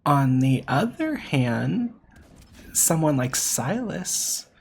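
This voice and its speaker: Gravelly, animated game critic. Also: mid-range voice, very slow, slight background noise. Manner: emphatic, repeats points for stress; self-correcting, with filler words. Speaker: VTuber game commentator. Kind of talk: opinionated game critique monologue.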